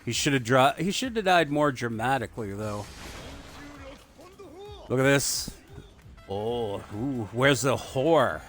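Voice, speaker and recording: A man's voice: medium pitch, expressive, measured pace, pauses often, fairly bright tone, faint music behind. A man giving rambling, crude, digressive commentary while he plays a video game. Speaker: gaming video host. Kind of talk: rambling let's play commentary.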